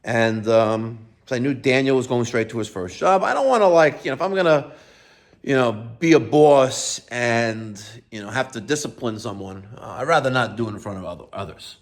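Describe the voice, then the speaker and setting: A man's voice: medium pitch, expressive, normal speed. A middle-aged man from New York who owns a plumbing business, talking unscripted with lots of fillers and self-corrections. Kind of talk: unscripted video talk.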